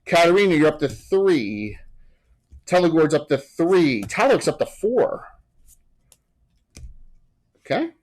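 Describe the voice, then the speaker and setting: A man running a tabletop game as game master, chatty and loose, with quick rules asides. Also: on the high side, sing-song, darkish tone, low-quality recording.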